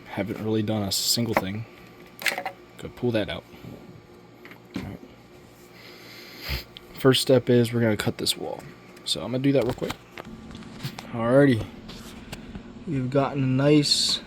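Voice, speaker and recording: A man's voice: medium pitch, fairly even intonation, takes it slowly, long pauses, noisy background. A man talking casually while he works on a model plane in his home workshop, rambling and offhand, with slang and swearing. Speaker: hobbyist building a model plane.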